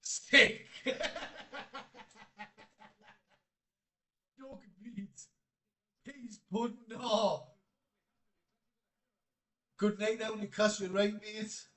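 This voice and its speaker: A man's voice: high-pitched, steady tone, takes it slowly, pauses often, sharp tone, reverberant. A Geordie man doing a casual football live stream, bantering and laughing while reading out chat.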